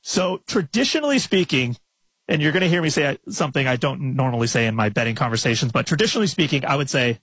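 A man with a husky, mid-range voice talks through fight odds and model predictions in quick, animated bursts. His voice sits close and dry on the mic. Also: fairly high pitch, dry recording, low-quality recording. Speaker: betting analyst. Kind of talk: casual podcast chat.

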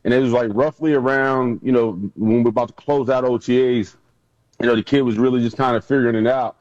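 Animated man telling stories over a dull line. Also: mid-range voice, a little fast, no echo. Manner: animated storyteller who acts out quotes. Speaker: guest, former football player. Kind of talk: casual storytelling interview.

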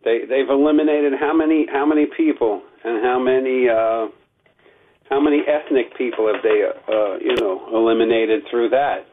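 A man calling in to a radio show, talking earnestly and haltingly. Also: mid-range voice, fairly even intonation. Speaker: caller. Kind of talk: call-in radio chat. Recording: tinny phone line.

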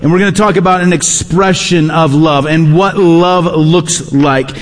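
A man's voice: fairly high pitch, steady tone, unhurried. A man preaching a sermon as pastor in a church, emphatic, repeating his key phrases. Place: church sanctuary.

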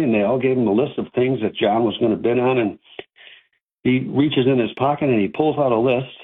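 A man, an antiques dealer, telling a folksy story with animated asides and a husky voice. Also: medium pitch, fairly quick. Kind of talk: casual storytelling. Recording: tinny phone-like audio.

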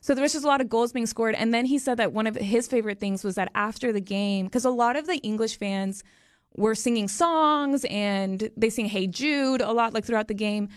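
A woman's voice: fairly high pitch, brisk, no echo, clean studio sound. A woman co-hosting a radio morning show, telling a story in an enthusiastic, chatty way. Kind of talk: casual chat.

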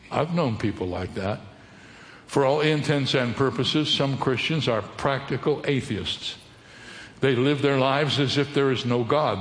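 This sermon comes from a man of medium pitch, a pastor whose voice echoes around a hall with a long reverb tail. He preaches in a teaching manner and asks the congregation questions.

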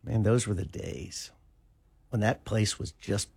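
A man's voice: measured pace, creaky, slightly rough, dry recording, studio quality. A middle-aged man co-hosting morning talk radio, chatty and reminiscing. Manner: chatty, reminiscing, animated pitch swings. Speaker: radio show co-host. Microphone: studio mic.

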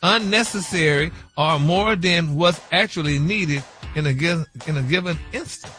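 A man's voice: fairly high pitch, normal speed, bright, forceful tone, faint music behind. A man on a morning radio show, talking in flamboyant comic banter and stumbling as he spells out a word. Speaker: radio show regular, word of the week segment.

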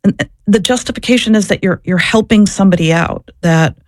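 In conversation as an interview guest, a former abortion clinic worker tells personal stories openly and thoughtfully, restarting sentences and repeating words along the way. Her voice is medium-pitched and a little fast. The recording is dry.

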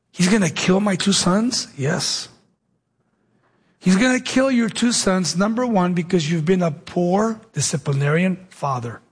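Husky, gravelly man retelling a story from the pulpit. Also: on the high side. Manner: retells the story, acting out the dialogue in his own voice. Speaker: preacher. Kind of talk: storytelling sermon.

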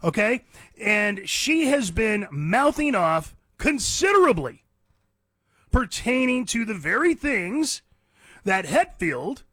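A man's voice: high-pitched, big pitch swings, takes it slowly, fairly bright tone, no room sound. A man hosting talk radio, ranting bluntly and combatively in an opinionated monologue from a radio studio.

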